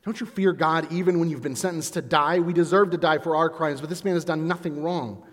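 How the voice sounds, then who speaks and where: A man's voice: on the high side, fairly quick, in a large hall, lightly acted. A man voicing a humble, repentant condemned criminal who speaks in an earnest, pleading way.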